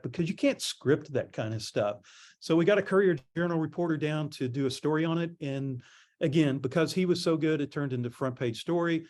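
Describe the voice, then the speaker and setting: A middle-aged man giving a conference presentation on public relations, telling stories in a relaxed, conversational way. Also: a little high, a little fast. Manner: conversational storytelling, animated quoting.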